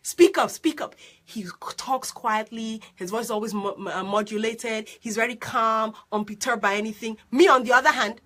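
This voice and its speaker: A woman life coach with a loud, strident voice and an unusual mixed accent, telling her story in an excitable, animated way during a live stream. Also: on the high side, moderate pace, few pauses, a little hiss or hum. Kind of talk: live-streamed motivational talk.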